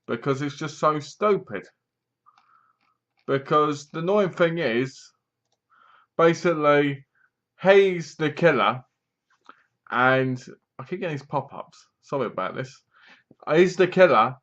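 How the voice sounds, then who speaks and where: A man's voice: a little high, animated, slow, long pauses, a bit bright, lo-fi sound. A man reviewing a horror film in a casual, rambling, sarcastic way. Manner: sarcastic, mocking, meandering.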